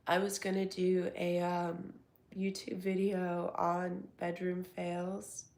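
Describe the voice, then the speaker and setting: Croaky, tired woman streaming with flu. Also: lowish voice, completely flat delivery, a little mellow, slight background noise. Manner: slow, drowsy talk, reading chat aloud. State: hoarse and congested from flu. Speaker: livestream host. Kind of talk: casual livestream chat.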